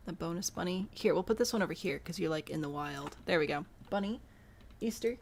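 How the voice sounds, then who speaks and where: A woman's voice: lowish voice, normal speed, slight background noise. A woman live-streaming a building game, chatty and self-amused as she talks to her chat while she builds. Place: home room.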